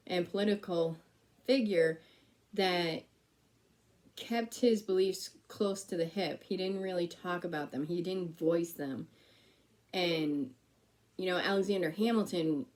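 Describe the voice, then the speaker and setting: Woman preaching a conversational sermon, lowish voice. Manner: conversational, repeats key phrases for emphasis. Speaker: pastor.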